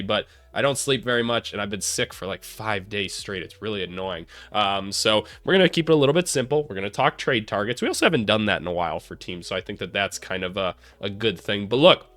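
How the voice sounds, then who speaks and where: A basketball channel host talks in casual, slangy commentary, full of fillers and quick asides. His voice is worn down from being sick, but it still carries a bright edge. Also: fairly low pitch, no echo. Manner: loose and chatty, lots of fillers and slang asides.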